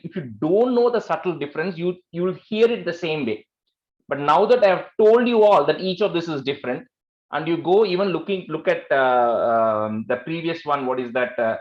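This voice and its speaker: A man's voice: a little high, roomy sound, muffled recording. A man teaching a class on chanting, patiently repeating syllables and explaining how each sound is emphasized. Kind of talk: online class instruction.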